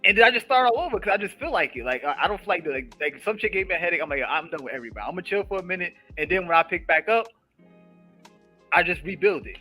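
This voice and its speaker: A man in casual chat on a podcast, talking quickly and animatedly, filling his speech with "like" and "yo" and acting out his own asides. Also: sits high, husky, faint music behind. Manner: rapid, animated, full of "like" and "yo" with acted-out asides.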